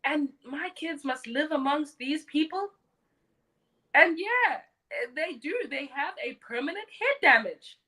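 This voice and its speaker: A woman's voice: sits high, expressive, a little slow, bright, forceful tone, low-quality recording. A woman in her thirties hosting a live stream, blunt and mocking as she talks and mimics others. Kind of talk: opinionated live stream monologue.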